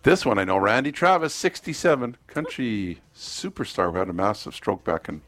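Chatty low-voiced radio host man. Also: very animated, moderate pace, fairly bright tone, dry recording. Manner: chatty, reads out dates and birthdays, jokes around. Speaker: radio morning show host. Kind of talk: casual radio banter. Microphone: studio microphone.

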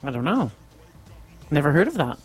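A woman's voice: deep voice, big pitch swings, moderate pace, breathy edge, faint music behind, low-quality recording. A woman co-hosting a radio show, tossing in short playful reactions and quips. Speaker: radio co-host. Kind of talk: casual on-air banter.

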